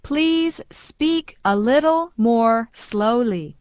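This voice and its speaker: Slow, clear woman, slightly high, reading English phrases for learners. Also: no room sound. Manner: slow, even repetition of each phrase. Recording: dull dry studio sound.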